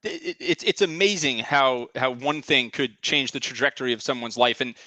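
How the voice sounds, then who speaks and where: A man's voice: mid-range voice, moderate pace, sharp tone, dry recording. A man hosting an interview, asking questions with frequent stammers and repeated words. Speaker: podcast host.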